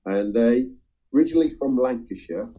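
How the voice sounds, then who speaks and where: A man chatting casually with friends about a song, talking in a halting way with lots of ums and restarts. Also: medium pitch, animated, slightly rough. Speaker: music-sharing group member. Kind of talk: casual chat. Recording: tinny phone-like line.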